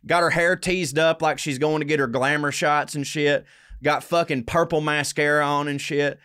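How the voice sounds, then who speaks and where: A man's voice: a little high, fairly even intonation, moderate pace, sharp tone, clear, resonant tone, no room sound, studio quality. A man co-hosting a podcast, telling a long story in casual, profane chat. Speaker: podcast co-host.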